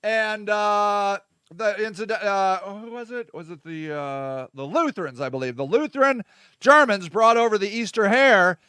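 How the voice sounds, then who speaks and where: A man hosting his own show, rambling irreverently and jokily, vamping to his listeners with sudden shouted bursts. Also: high voice, normal speed, smooth, dry recording, studio quality. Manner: vamping, talks to his audience. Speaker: host. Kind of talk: casual solo monologue.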